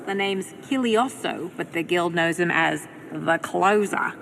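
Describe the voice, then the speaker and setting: A woman's voice: lowish voice, unhurried, gravelly, a bit bright, a little hiss or hum, rough recording. A woman voicing a teasing bounty broker in a video game, with a put-on Australian accent. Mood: brisk. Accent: Australian, put on by a non-Australian. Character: brisk female bounty broker, gruff and teasing.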